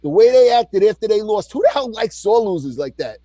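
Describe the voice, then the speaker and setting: A man co-hosting a heated political talk show, ranting with energy and mocking whoever he disagrees with. His voice sits fairly high for a man. The sound is dry and close, with no room echo. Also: very animated, a little fast, warm tone. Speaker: co-host.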